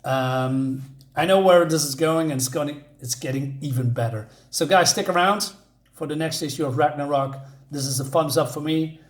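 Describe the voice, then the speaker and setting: Enthusiastic man reviewing comics, slightly high voice. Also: moderate pace, roomy sound. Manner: enthusiastic, rambling with many restarts. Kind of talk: casual review vlog.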